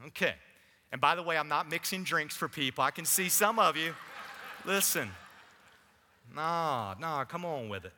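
Man, pastor, sermon with casual asides, fairly high voice, church reverb. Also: moderate pace, long pauses, a little hiss or hum. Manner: animated preaching with audience asides. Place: church sanctuary. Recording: long church hall reverb.

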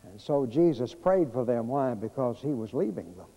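A man, preaching a storytelling sermon in a church, folksy and conversational with many pauses and fillers. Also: mid-range voice, big pitch swings, warm tone, breathy edge, long reverb tail, low-quality recording. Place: church sanctuary.

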